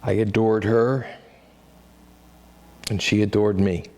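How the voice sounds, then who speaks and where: A man with a Midwestern American accent performing a one-man stage monologue, with wry, self-deprecating dad-joke humor and pitch that jumps for comic emphasis. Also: little pitch movement, slow, a little mellow.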